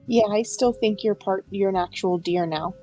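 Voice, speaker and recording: A woman with a husky, creaky voice, chatting as a player in a tabletop game. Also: mid-range voice, normal speed, mellow, soft background music, low-quality recording. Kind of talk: casual tabletop chat.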